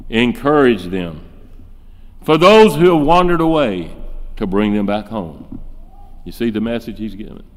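A man preaching a sermon, driving his points home with rhetorical questions and acting out the voices he quotes. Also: mid-range voice. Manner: emphatic, fires off rhetorical questions; acts out quoted speech in shifting voices. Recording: long reverb in a large hall.

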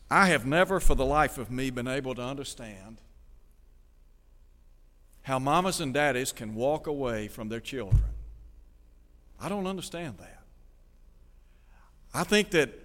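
A man's voice: medium pitch, fairly bright tone, in a large hall. A man preaching a radio sermon, reading scripture aloud and asking his listeners direct questions in an earnest manner.

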